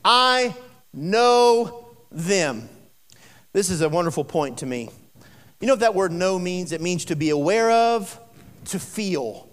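A male preacher giving a sermon, swinging from forceful declarations to hushed, drawn-out phrases. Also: high-pitched, animated. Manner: dramatic swings between loud preaching and hushed slow phrases. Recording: long hall reverb.

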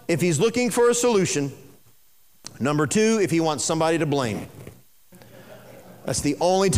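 A man with a high, light voice preaches to his congregation, pressing each point home and circling back to it again and again. His words ring out with a long echo around a large hall. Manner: emphatic, repetitive, speaks straight to the congregation. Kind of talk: sermon on marriage.

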